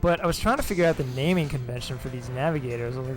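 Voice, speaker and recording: A man hosting a casual livestream and chatting about translating a game, rambling with halting restarts and chuckles. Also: medium pitch, over music. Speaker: stream host and translator.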